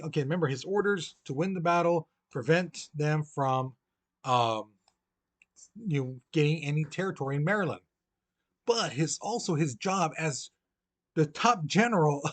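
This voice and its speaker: A man teaching a history lesson to students in a casual, chatty way, often saying "you know" and speaking straight to the class. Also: high-pitched. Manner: acts out historical figures in lively voices; talks straight to students and encourages them. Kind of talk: recorded classroom lecture.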